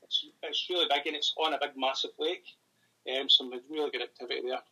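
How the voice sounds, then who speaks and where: A Scottish man in casual interview chat, rambling and thinking aloud with many pauses. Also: a little high, fairly even intonation, pushed and bright, poor audio. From Scotland. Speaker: paranormal investigator and author.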